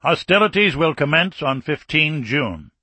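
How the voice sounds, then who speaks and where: A man's voice: on the high side, very animated, measured pace, bright, forceful tone, husky, no echo, voice pushed up, heavily acted. A man reading an audiobook, voicing a stern older Soviet army marshal with a grave, urgent, insistent delivery.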